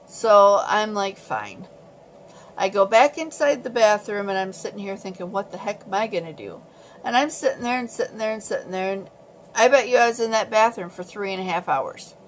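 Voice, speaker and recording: A woman vlogger telling a story in a casual, animated and exasperated way. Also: mid-range voice, fairly quick, a little hiss or hum.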